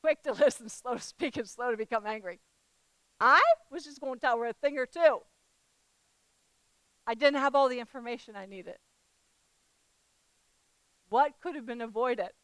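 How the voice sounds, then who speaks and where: Woman preacher, high pitch, storytelling sermon, dry close recording. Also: normal speed, pauses often, clean tone, dry recording, rough recording. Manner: storytelling, animated acted-out quotes; emphatic repetition.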